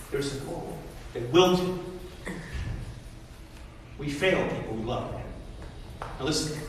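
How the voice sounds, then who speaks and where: A man's voice: on the high side, fairly bright tone. A middle-aged man preaching a sermon as a pastor, telling stories with self-deprecating humor. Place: church auditorium. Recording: echoey hall, distant mic, faint noise.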